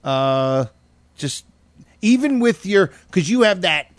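A man's voice: on the high side, big pitch swings, slow, long pauses, no echo. A man hosting a podcast, joking loosely and swearing freely in crude casual banter. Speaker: podcast host.

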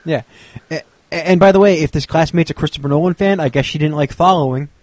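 A man's voice: a little high, fast talker, a little mellow, dry recording. A man co-hosting a podcast, bantering casually and joking, with frequent stammered restarts. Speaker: podcast co-host.

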